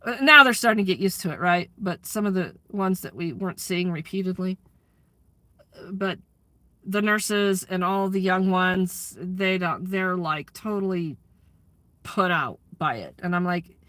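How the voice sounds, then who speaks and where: A woman's voice: mid-range voice, expressive, moderate pace, sharp tone, no room sound. A woman chatting candidly to her live audience, laughing often and swearing freely. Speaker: livestreamer and community aid organizer. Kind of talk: casual chat to a live audience.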